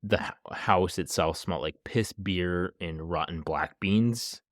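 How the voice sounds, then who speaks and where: Man, podcast host, casual true-crime narration, low voice, dry sound. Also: takes it slowly, no room sound. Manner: casual, laughs between lines, lots of "like".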